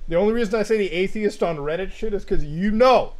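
A young man with a high, light voice rants through casual stream commentary, swearing freely. He talks over clips in loose bursts and jumps into loud shouts and laughs. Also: quick pace. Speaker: streamer reacting to videos.

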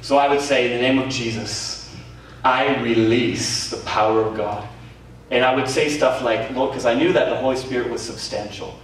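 A man preaching a sermon as pastor, telling stories with lively energy, acting out quoted voices and laughing often. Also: mid-range voice, normal speed. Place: community centre hall. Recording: very echoey hall, voice from far off, faint noise.

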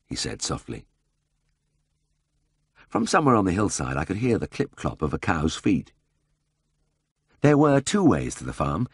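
Deep husky male audiobook narrator. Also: dry recording, clean studio sound. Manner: measured, steady storytelling. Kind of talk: scripted memoir narration.

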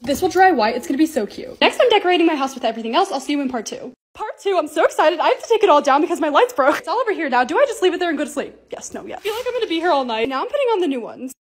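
A young woman in her twenties narrating her own lifestyle vlog, bubbly and excitable as she talks through each project. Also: high-pitched, racing, few pauses. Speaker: lifestyle creator.

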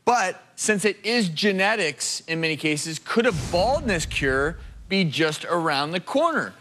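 A man's voice: sits high, very animated, a little slow, bright, forceful tone, a little hiss or hum. A man hosting a TV talk show, presenting in a studio with an audience and addressing them directly.

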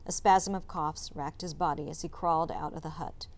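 A woman teacher reading a chapter book aloud, narrating in a calm, measured way. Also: deep voice. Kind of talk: storybook read-aloud narration.

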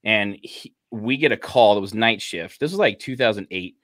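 A man's voice: on the low side, lively intonation, normal speed, fairly bright tone, no echo. A man who works as a police officer, telling stories in a laid-back, casual chat full of "you know" fillers. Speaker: podcast host, police officer.

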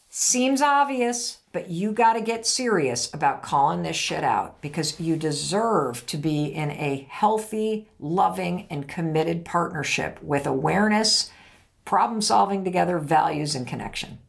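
A middle-aged woman speaks straight to the camera as host, giving blunt, emphatic advice in a casual manner. Her voice sits a little low for a woman, and she drops the occasional swear word without slowing down. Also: animated, vocal fry. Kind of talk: direct-to-camera advice talk.

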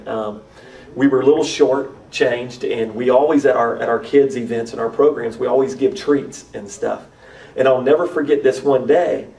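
A man's voice: medium pitch, dark tone, recorded from a distance, poor audio. A man, a missionary to urban youth, earnestly telling a personal testimony at a church conference, often repeating and restarting phrases. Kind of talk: testimony storytelling.

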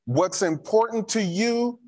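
Male church safety trainer, somewhat high voice, slow deliberate delivery, drives points home by repeating them. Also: darkish tone. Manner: emphatic, repeats key instructions. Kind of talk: training talk with a personal story.

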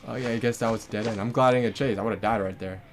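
A man hosting a horror game let's play, reacting out loud, swearing often and bursting into startled shouts. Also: lowish voice, fairly even intonation, racing, a little hiss or hum. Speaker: gaming channel host.

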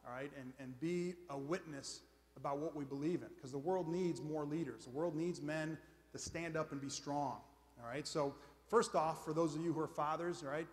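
Man, slightly high voice, casual self-deprecating conference speaker, long hall reverb. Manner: conversational, self-deprecating, keeps checking in with "all right?". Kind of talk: motivational faith talk to an audience. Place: large conference hall before a live audience.

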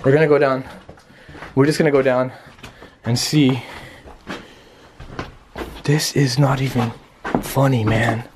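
A man's voice: mid-range voice, little pitch movement, slow, long pauses, background noise. A young man hosting a nervous ghost-hunt vlog, repeating himself and talking straight to viewers from a run-down house. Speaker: vlogger host. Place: inside a run-down house basement.

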